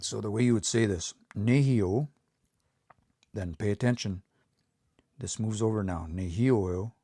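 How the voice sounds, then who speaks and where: A man teaching pronunciation on a livestream, repeating words slowly and coaching learners to say them out loud. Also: fairly low pitch, no echo, clean studio sound. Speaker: language teacher.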